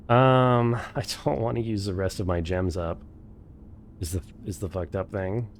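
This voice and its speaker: A man's voice: sits low, steady tone, measured pace, a little hiss or hum. A man streaming a game for the first time, thinking aloud, swearing freely and chatting with his viewers. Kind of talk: casual live-stream commentary.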